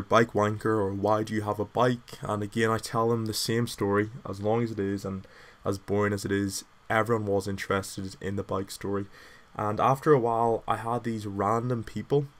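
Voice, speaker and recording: A man's voice: fairly low pitch, steady tone, brisk. A young man, telling a casual story in a rambling, self-deprecating way full of filler words.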